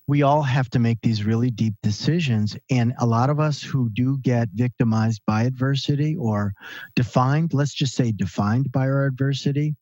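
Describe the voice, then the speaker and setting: A man guest on a podcast interview, telling stories in an animated, emphatic, conversational way. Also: medium pitch, dry recording. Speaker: guest, author and speaker.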